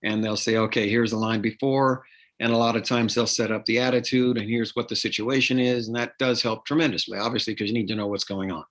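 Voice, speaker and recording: A man's voice: medium pitch, steady tone, fast talker, a bit bright. A man, an actor, being interviewed on a podcast, explaining at length with frequent fillers and restarts. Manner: explanatory, repeats words, many fillers and restarts. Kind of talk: interview conversation.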